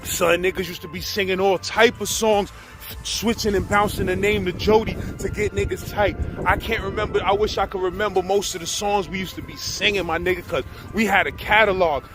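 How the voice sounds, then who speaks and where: A man with a New York accent telling a prison story in a casual, animated, profane and slang-heavy way, mimicking others as he goes. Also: high-pitched, fairly quick, over music.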